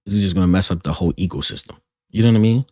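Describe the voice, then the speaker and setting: A man's voice: deep voice, racing, dry recording, clean studio sound. A man hosting a reaction video, arguing emphatically and restarting his sentences as he makes his point. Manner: emphatic, repeats himself and restarts while arguing. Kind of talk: commenting on a played podcast clip.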